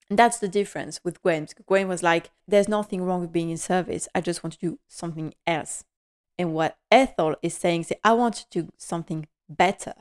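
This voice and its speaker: A woman hosting a casual recap podcast, talking at an ordinary pitch. She tells the story in an animated way, slips into the characters' lines and laughs often. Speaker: podcast host.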